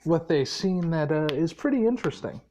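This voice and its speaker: A man's voice: fairly high pitch, very animated, fairly quick, darkish tone, slight background noise. A tired man casually retelling a fan story, rambling with many fillers and a lot of swearing.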